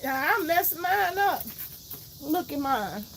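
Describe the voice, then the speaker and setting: Casual livestream host, woman, outspoken ranting, gravelly voice. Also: high-pitched, sing-song, takes it slowly, a bit bright, a little hiss or hum, rough recording. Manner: ranting, outspoken, swears freely. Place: garden outdoors, then indoors.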